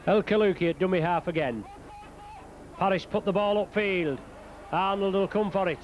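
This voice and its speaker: This high-pitched male commentator gives outdoor play-by-play of a rugby league game, firing off player names rapidly and getting louder at scoring moments. A faint hiss or hum runs underneath.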